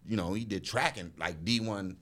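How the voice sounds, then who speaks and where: A middle-aged man hosting a podcast in casual chat, telling stories with loud animated bursts that drop to low mumbles. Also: normal speed. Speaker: podcast host.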